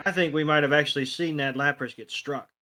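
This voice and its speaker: A man's voice: a little high, fairly even intonation, a little fast, pushed and bright. A man co-hosting a podcast, casually recapping a cartoon episode with crude jokes and rambling asides. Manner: jokey, crude, rambling with fillers. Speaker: podcast co-host.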